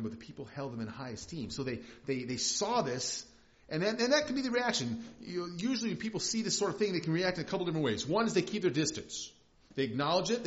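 Conversational male pastor preaching. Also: a little high. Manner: conversational, emphatic, with frequent restarts. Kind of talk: sermon. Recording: slightly dull lo-fi recording.

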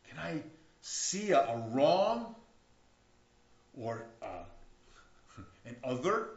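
A male pastor with a slightly high, somewhat bright voice preaches in a conversational manner, restarting frequently and rising into outcries. The sound comes from a dull, echoey lo-fi church recording.

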